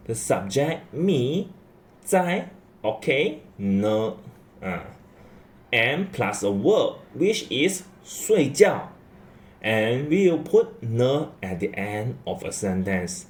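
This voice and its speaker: Man, language teacher, slow pace, animated pitch, repeats himself, checks in with "okay?". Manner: lively rising and falling pitch. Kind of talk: slow classroom explanation.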